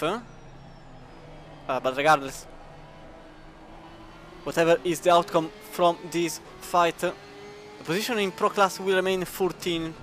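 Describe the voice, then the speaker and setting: A man's voice: fairly high pitch, fairly bright tone. A man with an Italian accent commenting live on a sim racing endurance event. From Italy. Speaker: race commentator.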